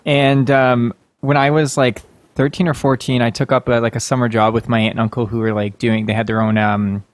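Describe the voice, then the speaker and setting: A man's voice: medium pitch, flat delivery, a little fast, dry recording. Playful male podcast host, dry sound. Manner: playful, laughs often, acts out story voices. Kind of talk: casual interview chat.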